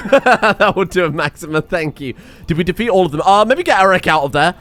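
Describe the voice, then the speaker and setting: A man giving excitable let's play commentary on a strategy game, muttering one moment and shouting the next. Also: sits high, brisk. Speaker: gameplay commentator.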